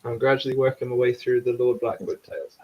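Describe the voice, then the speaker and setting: A man's voice: mid-range voice, steady tone, fast, dull audio. A man hosting a casual chat, rambling and swearing freely. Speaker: host.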